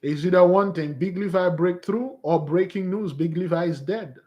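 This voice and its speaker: A man talking casually to his followers as a spiritual fasting leader, exhorting them and calling them beloved, with rambling asides. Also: high-pitched, a little mellow, dull audio. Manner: exhorting, calls listeners beloved.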